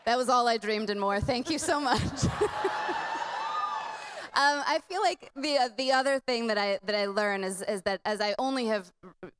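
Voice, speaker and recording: An upbeat woman moderating a convention panel, her voice smooth and clear at a middle pitch. She laughs often between her questions.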